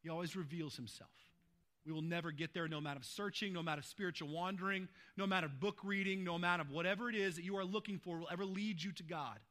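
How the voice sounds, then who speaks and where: A male pastor preaching a sermon, swinging between hushed, slow lines and loud, fervent passages. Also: sits high.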